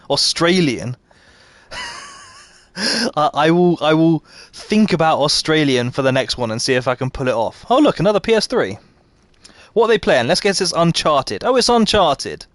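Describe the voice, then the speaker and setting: A man's voice: a little high, no echo. A man livestreaming a game, chatting with his viewers and laughing at himself. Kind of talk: live gameplay chat.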